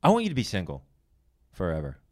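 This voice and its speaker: Young male comic co-host, low register, rambling profane storyteller. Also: wildly swooping pitch, fast, dark tone, no echo, studio quality. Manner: rambling, profane, laughs through his story. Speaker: podcast co-host, comedian. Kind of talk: casual crude storytelling.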